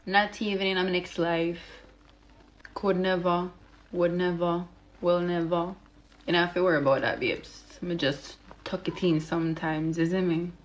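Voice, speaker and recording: Woman, low and level, shrugging off haters. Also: steady tone, measured pace, slight background noise. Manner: dismissive, breezy. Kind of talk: social media clip.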